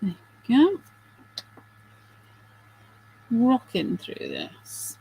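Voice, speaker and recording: A woman's voice: on the high side, wildly swooping pitch, slow, vocal fry, warm tone, slightly rough, low-quality recording. A middle-aged woman hosting a craft video, chatting casually and self-deprecatingly while she works, with giggly asides.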